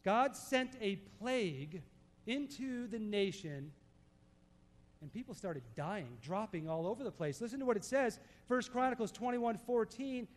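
A man preaching a sermon, emphatic, dropping to soft low tones to stress a point. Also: measured pace, long reverb tail. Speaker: pastor.

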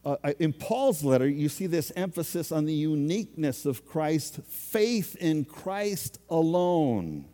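A man's voice: a little high, big pitch swings, a little slow, few pauses, warm tone, long reverb tail. A man preaching a sermon as a pastor, in a conversational, self-deprecating way.

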